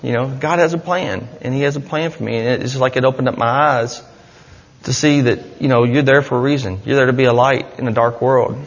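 An earnest man speaks to a church gathering, rambling through his testimony with frequent restarts. His middle-pitched voice rings out in a long-echoing hall. The recording sounds dull and muffled. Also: a little fast. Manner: earnest, rambling, with many restarts and "you know". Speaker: church member giving a testimony. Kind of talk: personal testimony to a congregation.

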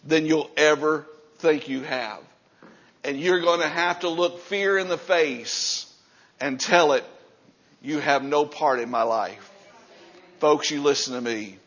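A man preaching a sermon as pastor, moving from low, quiet passages up to loud, shouting stretches. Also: dull audio.

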